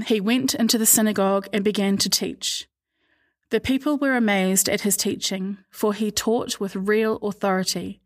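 Female scripture reader, mid pitch, calm measured delivery. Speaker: Bible reader. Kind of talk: scripture reading.

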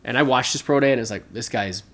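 A man's voice: medium pitch, steady tone, racing, a bit bright. A man co-hosting a podcast, talking casually about sports with a lot of fillers and restarts. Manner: rambling, conversational, many fillers. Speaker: podcast co-host.

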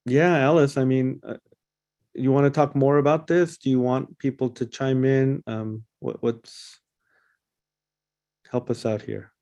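A man leading a casual Bible study discussion, talking in a halting way with many fillers and restarts. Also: mid-range voice, steady tone, a little mellow, no echo.

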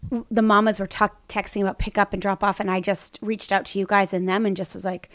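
A woman's voice: mid-range voice, little pitch movement, fairly quick. A middle-aged woman co-hosting a podcast, telling an emotional personal story with many restarts. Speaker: podcast co-host. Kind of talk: casual chat, personal story.

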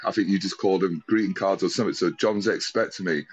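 A man's voice: sits low, steady tone, fast talker, slightly rough, muffled recording. An Englishman calling into a show, telling a rambling story, laughing often and swearing casually. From England. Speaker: guest calling in.

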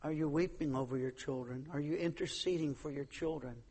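A man preaching a sermon as pastor, swinging from hushed, pleading lines to loud, fervent calls. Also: on the high side, steady tone, brisk, slightly rough. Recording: long hall reverb.

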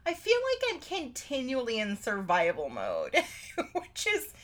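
A woman's voice: on the high side, wildly swooping pitch, a little slow. A woman co-hosting a podcast, casual and giggly, a bit stuffy and tired. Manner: giggly, laughs often. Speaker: podcast co-host. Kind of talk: casual chat.

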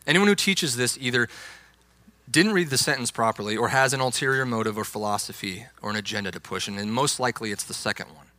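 Young man, youth pastor, emphatic sermon, bright tone, dry close sound. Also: mid-range voice, quick pace, no room sound. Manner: emphatic, insistent preaching with stressed key words.

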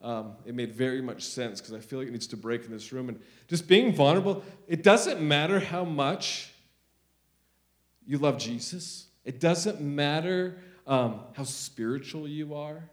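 Man preaching, high-pitched voice, intense and earnest, quiet confessions then loud declaring, middle-aged. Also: unhurried. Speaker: pastor. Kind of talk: sermon.

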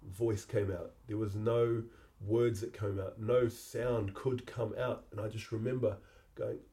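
A middle-aged man, hosting a podcast and telling a personal memory in a halting, reflective way that often repeats words. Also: lowish voice, steady tone, warm tone. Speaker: podcast host.

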